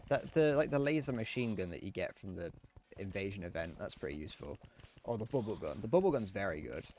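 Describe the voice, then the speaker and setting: Rambling streamer, lowish voice. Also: male voice, a little mellow, slight background noise. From Britain. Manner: rambling, chuckling, many restarts. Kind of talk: casual gameplay commentary.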